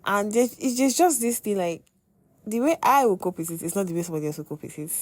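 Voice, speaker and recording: A young woman hosting a podcast, telling a personal faith testimony in an expressive way, with sudden exclamations. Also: medium pitch, fast, no room sound. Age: young adult. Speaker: podcast host.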